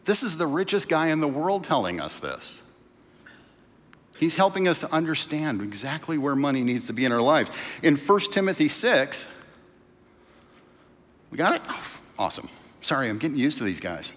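Lively man preaching in a reverberant church. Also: a little high, normal speed, pauses often. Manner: conversational preaching, tells stories. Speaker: pastor. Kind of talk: sermon. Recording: long reverb of a church hall.

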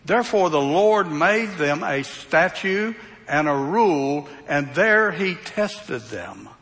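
A man's voice: on the high side, lively intonation, slow pace, fairly bright tone. A man preaching a verse-by-verse Bible sermon in a folksy way, putting rhetorical questions to the congregation. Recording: reverberant hall sound.

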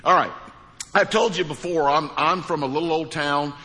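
Preacher guy, folksy and emphatic, fairly high voice, echoing sanctuary. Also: normal speed, bright, forceful tone. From Missouri, USA. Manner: folksy storytelling, emphatic repeated phrases. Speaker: pastor. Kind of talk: sermon with a joke. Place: church sanctuary. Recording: large hall with long reverb.

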